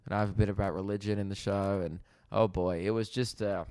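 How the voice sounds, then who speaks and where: A young Australian comedian hosts his podcast, telling stories in a loose, rambling way with swearing. His voice sits a little low. The sound is dry and close. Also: fast talker, smooth, no room sound. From Victoria, Australia. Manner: rambling, animated storytelling with swearing. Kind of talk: casual storytelling chat. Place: rented holiday apartment.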